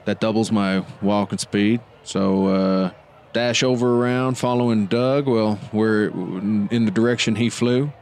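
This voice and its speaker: A man playing a tabletop game, describing his character's moves in halting speech full of uh's. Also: on the low side, a little mellow, a little hiss or hum. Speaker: player.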